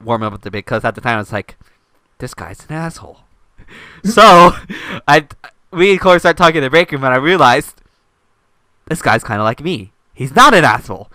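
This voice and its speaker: A young man hosts a casual chat with a bright, clear voice that swings widely in pitch. He tells stories animatedly and laughs often, recorded close and dry. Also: big pitch swings, normal speed, long pauses, no echo. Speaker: channel host.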